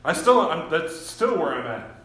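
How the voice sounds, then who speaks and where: A man's voice: fairly high pitch, big pitch swings, moderate pace, a bit bright, reverberant, a little hiss or hum. A man preaching a sermon as pastor, talking in a folksy, self-deprecating way and often repeating his words.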